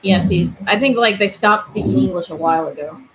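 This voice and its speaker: A woman's voice: mid-range voice, fairly quick, fairly bright tone, low-quality recording. Chatty young woman talking to spirits. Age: 20s. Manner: chatty, asks spirits questions aloud. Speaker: paranormal streamer. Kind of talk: casual live-stream chat. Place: bedroom.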